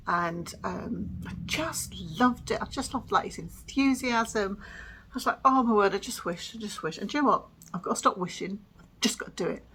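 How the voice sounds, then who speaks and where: A woman's voice: medium pitch, creaky, fairly bright tone. A woman hosting a crafting vlog, chatting casually at home with lots of ums, little laughs and self-deprecating asides. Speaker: crafting podcast host.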